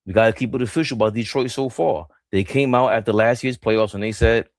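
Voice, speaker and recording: A man co-hosting a casual basketball talk show, animated and joking, laughing in the middle of his sentences. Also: a little fast, no echo. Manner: animated, laughs mid-sentence, swings between loud and low. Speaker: co-host.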